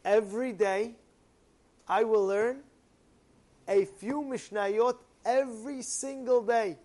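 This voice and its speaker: A man's voice: sits high, fairly even intonation, slow, darkish tone. A man voicing a devoted eldest son who soothes his father with earnest promises. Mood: reassuring.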